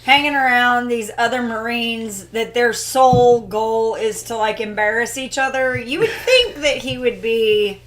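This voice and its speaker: A woman's voice: fairly high pitch, a bit bright, low-quality recording. A woman co-hosting a casual live chat, laughing often as she chimes in. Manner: laughs often, slow unhurried delivery. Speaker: homestead channel co-host.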